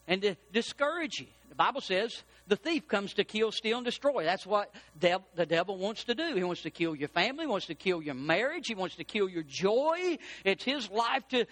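High, bright-voiced pastor preaching. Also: male voice. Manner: emphatic, repetitive, building to shouts. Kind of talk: sermon.

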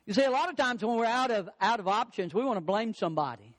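A man's voice: high voice, lively intonation, quick pace, few pauses, in a large hall. A male pastor delivering a sermon, building emphatic repeated lines and acting out the quotes he tells. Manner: preaching with rising emphatic lines and acted-out quotes.

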